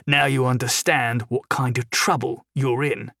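A man's voice: mid-range voice, level tone, measured pace, bright, forceful tone. A man voicing a hot-tempered, gloating young male crime lord who blusters angrily in a storybook reading. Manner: blustering, angry.

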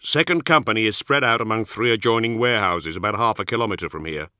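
A gruff, fatalistic warrior sergeant, as a male narrator puts him on, growling his words in a dry deadpan. The voice sits low and dark, with a warm, close, dry sound in this audiobook reading. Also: fast, dry recording.

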